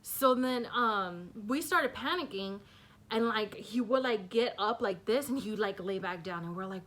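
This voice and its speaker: A woman's voice: medium pitch, lively intonation, normal speed, a bit bright. A young woman telling a personal story in a casual vlog, rambling with many fillers and nervous laughs. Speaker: vlogger.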